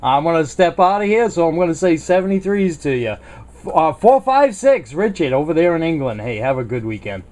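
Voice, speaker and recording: A man's voice: fairly high pitch, a little fast, darkish tone. A man from South Carolina talking as a ham radio operator, friendly and upbeat on the air. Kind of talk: radio contact chat.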